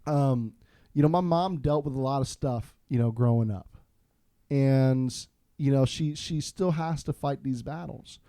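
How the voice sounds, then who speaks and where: A man from Florida, a podcast guest, telling a story in a casual, animated, self-deprecating way with frequent restarts. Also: medium pitch, measured pace, no room sound, clean studio sound.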